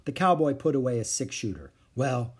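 A man's voice: medium pitch, moderate pace, slightly rough. A man narrating a children's chapter book aloud. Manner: lively expressive reading. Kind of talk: storybook read-aloud.

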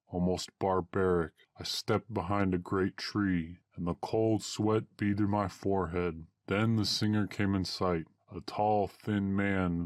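Deep-voiced man reading an old tale. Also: no room sound, studio quality. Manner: measured, archaic storytelling. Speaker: narrator. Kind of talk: reading an old-fashioned adventure story.

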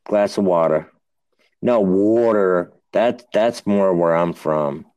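A man's voice: deep voice, slow, mellow, dry recording, highs cut off. A man from New Hampshire co-hosting a podcast in casual chat. He rambles, laughs often and swears freely. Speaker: podcast co-host.

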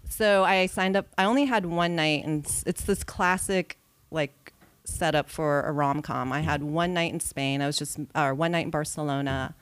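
A woman's voice: low voice, normal speed, hardly any pauses, smooth, no echo. A woman in her forties, a podcast guest telling a personal travel story in casual chat, acting out her own thoughts as she goes. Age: 40s. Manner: lively storyteller who acts out her own quoted thoughts.

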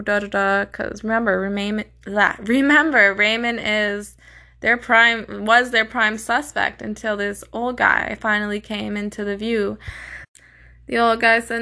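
A woman's voice: mid-range voice, steady tone, measured pace, sharp tone. A woman telling a true crime story in a casual, blunt way, swearing often and sounding openly indignant.

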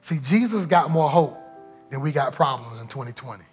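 A man's voice: mid-range voice, lively intonation, moderate pace, a little mellow, faint music behind. A man preaching as a pastor, driving points home by repeating phrases. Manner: emphatic, repeats phrases for effect. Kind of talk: sermon.

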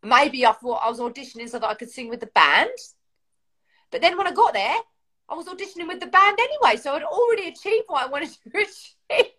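Lively English woman telling a story. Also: high voice, a little fast. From England. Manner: lively, acts out other people's lines. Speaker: guest singer. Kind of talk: animated storytelling.

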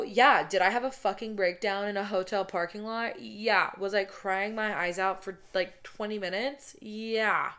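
Blunt young woman, smooth voice. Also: fairly low pitch, a bit bright. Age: 20s. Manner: blunt, defiant, swears freely. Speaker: podcast host. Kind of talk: casual podcast monologue.

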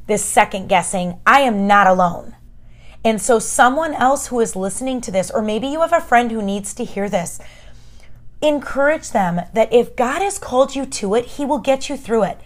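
A woman hosting a casual, encouraging faith talk, chatty and emphatic, speaking straight to her listeners as friends. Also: fairly high pitch. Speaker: podcast host.

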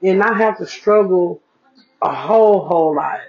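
A single mom with a lowish voice hosts a casual solo podcast at normal speed, chatting to listeners she calls y'all and repeating phrases for emphasis. She uses a podcast mic, but the recording sounds dull and lo-fi.

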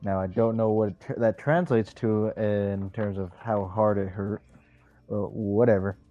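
Slow-talking man, dull lo-fi sound. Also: fairly low pitch, steady tone, no room sound. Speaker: player. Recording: dull lo-fi sound with faint music.

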